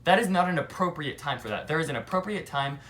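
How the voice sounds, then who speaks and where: Young man telling an animated story. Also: a little high, quick pace, slight background noise. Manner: animated, heavy use of "like". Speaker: vlogger. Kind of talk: casual storytime monologue.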